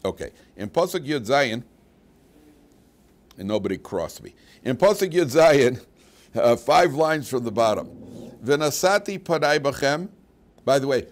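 A man, a rabbi teaching a class and telling funny personal stories, laughing at his own jokes. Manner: animated storyteller, laughs at his own jokes, big jumps in pitch and loudness. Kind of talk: lively class talk with personal anecdotes.

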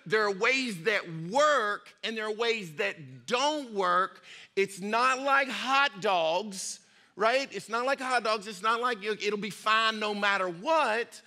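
A male pastor delivers a sermon in a folksy, chatty way, circling back to repeat his points. His voice sits high and rings bright and tense. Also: takes it slowly. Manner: folksy, repetitive, conversational preaching. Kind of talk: sermon with storytelling.

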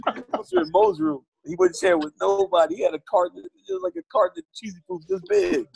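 A man's voice: extremely high pitch, wildly swooping pitch, fairly quick, gravelly, a crowd in the background, poor audio. A man, a podcast guest, telling stories in casual chat, emphatic and laughing, repeating his phrases.

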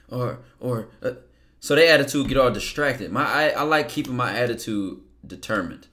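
A man in casual motivational talk, blunt, profane and slangy, acting out his inner voice in quick asides. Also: mid-range voice, bright, forceful tone. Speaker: podcast guest.

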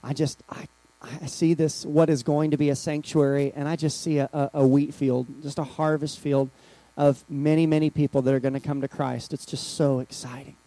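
Excitable man pastor with halting restarts. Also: on the high side, no echo, low-quality recording. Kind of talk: sermon storytelling.

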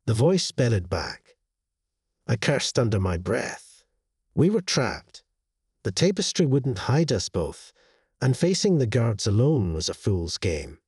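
A man narrating a horror story in a slow, grave storytelling manner with lively intonation, in a dry, close studio voice-over. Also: mid-range voice, husky, dry recording.

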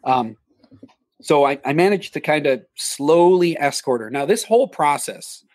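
A man spins a long anecdote as a guest, jumping into quoted lines with a raised voice. His voice sits a little high for a man. The sound is dry and close, with no room echo. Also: unhurried. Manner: animated, acts out quoted dialogue in a raised voice. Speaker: guest, haunted attraction actor manager. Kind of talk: storytelling in an interview.

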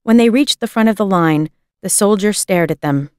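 Clear-voiced woman reading a story aloud. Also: medium pitch, no echo, studio quality. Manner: measured, expressive storytelling. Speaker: reader. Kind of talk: reading a children's book aloud.

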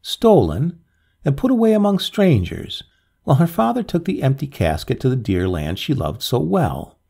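A man voicing a pale, dying young man who speaks calmly and gravely. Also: medium pitch, moderate pace, heavily acted. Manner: calm, quiet, grave.

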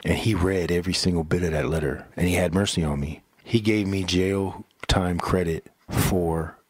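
Recorded in a clean studio with no echo, a pastor with a low, slightly rough voice tells his life story at normal speed in a relaxed interview. He repeats words, acts out others' quotes with animation, and often says "bro" and "right?".

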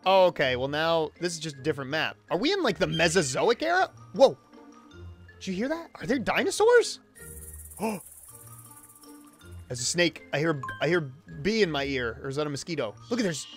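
A man reviewing a video game with jokey, excitable commentary and sudden exclamations. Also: on the high side. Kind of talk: comedic gameplay commentary.

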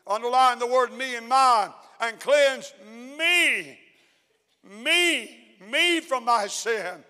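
A man with a Southern accent preaching a sermon as pastor, swelling into shouted bursts and calling out members of the congregation by name. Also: extremely high pitch, takes it slowly, clear, resonant tone. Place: church sanctuary. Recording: long hall reverb in a church.

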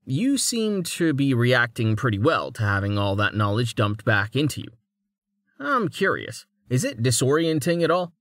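A man's voice: mid-range voice, very animated, moderate pace, a bit bright, dry recording, clean studio sound, voice pushed down. A man voicing an earnest young man asking questions in an inquisitive way. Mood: curious.

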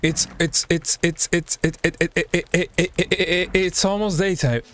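A young man streaming a survival game, commenting live, excitable, yelping and talking to the creatures on screen. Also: fairly high pitch, normal speed. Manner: excitable, yelps and talks to the game. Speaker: gaming streamer.

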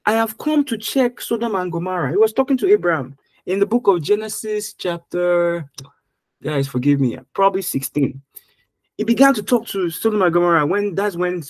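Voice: medium pitch, no echo, poor audio. A Bible study teacher who reads scripture aloud and muses on it, often stopping and restarting mid-sentence.

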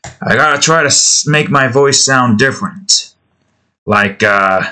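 Bright-voiced man rambling while drawing. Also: mid-range voice, takes it slowly, long pauses. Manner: rambling, self-deprecating, restarting. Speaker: art channel host. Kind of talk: casual chat while drawing.

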